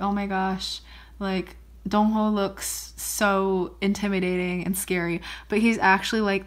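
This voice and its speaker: A young woman talks to her camera while opening gifts, bubbly and effusive. She gushes over everything she pulls out, and her voice sits at an ordinary middle pitch for a woman. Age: young adult. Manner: bubbly, gushing, frequent gasps and laughs. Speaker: vlogger. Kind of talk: casual unboxing vlog.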